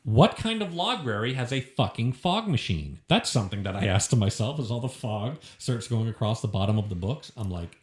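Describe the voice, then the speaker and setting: A man's voice: mid-range voice, very animated, a little fast, hardly any pauses, echoey room. A man co-hosting a podcast, chatting casually in a crude, sarcastic, joking way. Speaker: podcast co-host. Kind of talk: casual chat. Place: shared room with co-host.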